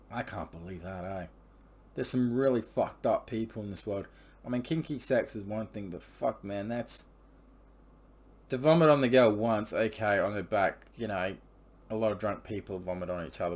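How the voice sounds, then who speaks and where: A man, chatting casually to camera as a vlogger. He rambles and swears his way through a story, leaning on fillers. His voice sits a little low. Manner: crude, profane and rambling, with many fillers.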